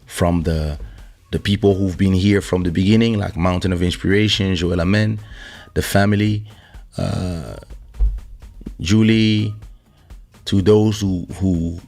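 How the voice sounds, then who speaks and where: A man with a very low voice, hoarse from losing it, speaking slowly and easily as he hosts a live-stream podcast. He greets viewers by name and thanks them in a relaxed, unhurried chat over a faint bed of music. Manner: greets viewers by name, warm shout-outs. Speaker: podcast host. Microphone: studio microphone.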